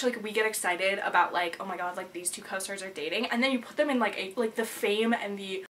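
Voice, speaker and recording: Fast, bright-voiced bubbly young woman. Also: medium pitch. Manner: bubbly and gushing, many "like" fillers. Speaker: book vlogger. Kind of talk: casual chat.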